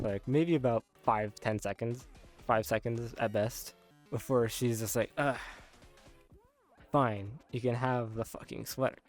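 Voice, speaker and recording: A man's voice: mid-range voice, darkish tone. Rambling young man telling a dream. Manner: rambling, many filler likes, laughing often. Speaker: content creator. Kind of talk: casual storytelling of a dream.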